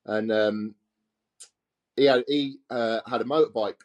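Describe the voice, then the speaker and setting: Un hombre con acento de Essex que cuenta anécdotas en tono informal, suelta palabrotas a menudo y se ríe mientras habla. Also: male voice, medium pitch, steady tone, unhurried. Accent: Essex English. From England. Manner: swears freely, laughs while telling stories. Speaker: podcast guest. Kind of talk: casual storytelling.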